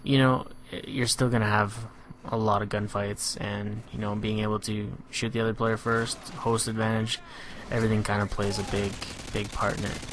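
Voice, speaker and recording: A man giving a relaxed, analytical voice-over on his own competitive match, filling pauses with "you know". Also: on the low side, noisy background. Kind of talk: gameplay commentary voice-over.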